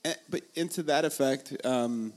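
A man in casual chat, telling rambling, profane stories that turn animated when he gets excited. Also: mid-range voice, moderate pace. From Los Angeles area, USA.

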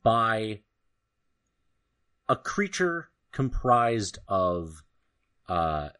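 A man narrating as game master of a tabletop game, slow and halting with many fillers. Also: lowish voice, very animated, pushed and bright.

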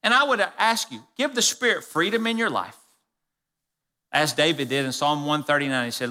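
A man preaching a sermon as pastor to his church, stressing key phrases by slowing down and dropping low. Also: animated, bright, forceful tone. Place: church sanctuary. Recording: long reverb of a church hall.

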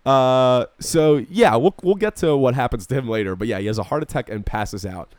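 A man's voice: mid-range voice, brisk, a little mellow, dry recording. A man co-hosting a podcast, casually recapping a movie and acting out the characters' lines. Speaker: podcast co-host.

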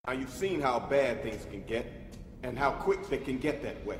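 A man's voice: mid-range voice, animated, normal speed, a little hiss or hum, close to an everyday voice. An actor playing a grown man who rallies a group in an urgent speech that climbs as it goes, heard as a film clip. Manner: urgent, rising rallying speech. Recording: echoey film clip under music.

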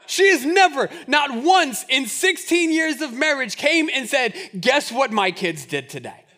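A male pastor in his thirties preaches a lively sermon in a church. His voice sits high and sounds bright and forceful, and he jokes as he acts out the people in the scripture. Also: unhurried.

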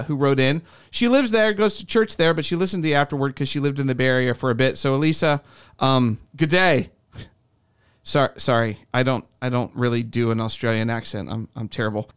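This podcast host chats casually in a studio, cracking self-deprecating jokes. His voice sits on the high side and sounds smooth.

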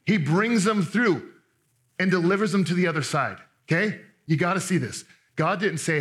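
A man preaching a sermon in an animated, conversational way, restarting often and acting out the people he quotes. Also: high voice, normal speed. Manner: acts out quoted speakers in voices. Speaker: pastor.

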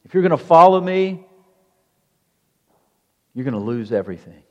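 A pastor preaching a sermon in a conversational way, asking the congregation rhetorical questions. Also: male voice, on the high side, big pitch swings, moderate pace, muffled recording. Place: church sanctuary. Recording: long church hall reverb.

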